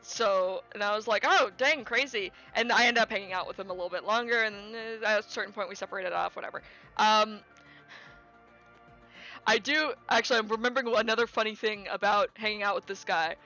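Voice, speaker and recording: A young woman streamer chatting casually, telling a story with lots of fillers, restarts and excited quoted lines. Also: medium pitch, brisk, dull audio, faint music behind. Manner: animated, rambling with many fillers and restarts, quoting people in raised voice.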